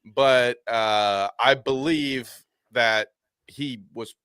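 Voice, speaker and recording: A man's voice: mid-range voice, extremely slow, sharp tone, smooth, no echo, studio quality. A man co-hosting a live podcast, commenting on clips in a rambling, stop-start way and often correcting himself. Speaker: podcast co-host. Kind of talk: casual live-stream chat.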